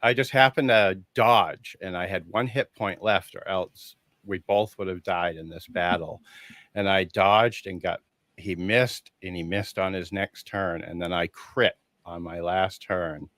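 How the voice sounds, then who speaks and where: A man with a lowish voice tells a story as a guest. He acts out the lines of the people in it and laughs along the way. The sound is dry and close. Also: unhurried, no echo. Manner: animated storyteller who acts out quoted dialogue, laughing often. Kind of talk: casual conversation.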